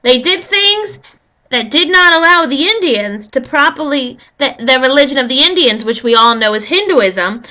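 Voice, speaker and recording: A woman's voice: high voice, expressive, moderate pace, pushed and bright. A woman giving a casual, rambling history lesson, full of jokey asides to her viewers. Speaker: history video host.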